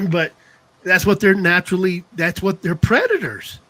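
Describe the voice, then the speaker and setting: Bright-voiced rambling man telling stories. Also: sits high, sing-song, a little slow. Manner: rambling, laughs often, frequent "you know what I mean". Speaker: podcast co-host. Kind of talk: casual chat, storytelling.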